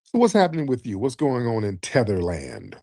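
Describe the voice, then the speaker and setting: A man's voice: fairly quick, vocal fry, no room sound, clean studio sound. Emphatic man hosting a call-in talk show. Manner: emphatic, animated, rising in pitch when indignant. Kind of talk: casual livestream commentary.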